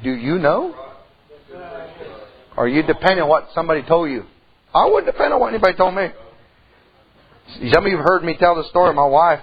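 A middle-aged man preaching a sermon in church, telling a folksy story and swinging from soft to loud. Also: fairly high pitch, husky, highs cut off. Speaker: pastor.

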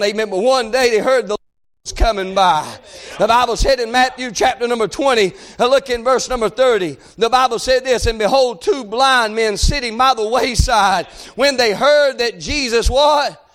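A man preaching a fiery revival sermon, shouting and chanting in a drawn-out preacher cadence. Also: very high-pitched.

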